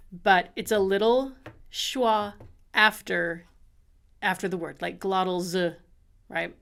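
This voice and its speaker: A woman's voice: mid-range voice, a bit bright. A woman teaching singing diction in an upbeat, chatty way, often checking in with the listener.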